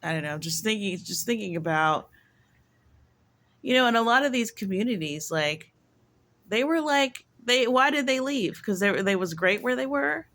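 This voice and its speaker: An American vlogger talks to camera in a rambling monologue, her voice a little high, expressive and a bit bright at a moderate pace. She muses aloud and fills her sentences with "like."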